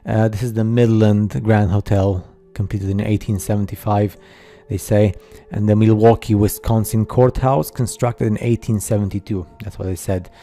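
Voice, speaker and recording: Dark-voiced man, halting skeptical narration. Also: fairly low pitch, steady tone, faint music behind. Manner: halting, many fillers and restarts, skeptical asides. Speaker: narrator of a slideshow video. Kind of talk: casual voice-over commentary.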